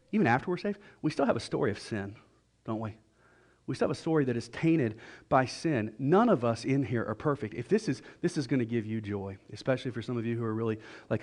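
A man's voice: mid-range voice, darkish tone. A middle-aged man preaching a sermon in a church, conversational and joking, now and then voicing the people in his stories. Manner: conversational and joking, with quick voiced asides. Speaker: pastor.

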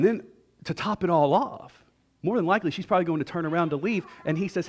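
A middle-aged man preaching a sermon in a church, conversational and joking, now and then voicing the people in his stories. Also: sits high. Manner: conversational and joking, with quick voiced asides. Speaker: pastor.

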